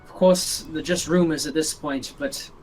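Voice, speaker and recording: A woman's voice: sits low, fairly even intonation, normal speed, a little mellow, faint music behind, poor audio. A woman narrating as game master in a tabletop game over online voice chat, with loose, filler-heavy narration.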